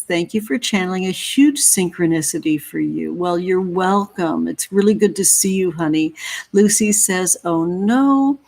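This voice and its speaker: A woman's voice: fairly low pitch, darkish tone. A woman in her thirties from California hosting a tarot livestream, greeting viewers with gushing affection and calling them honey and sweetie. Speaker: tarot reader hosting a live stream.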